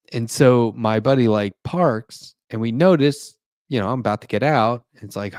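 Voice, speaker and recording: A man's voice: mid-range voice, normal speed, a little mellow, no room sound. A middle-aged man telling a rambling, profane story in casual chat, laughing as he goes. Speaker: podcast host. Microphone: desk mic for a live stream.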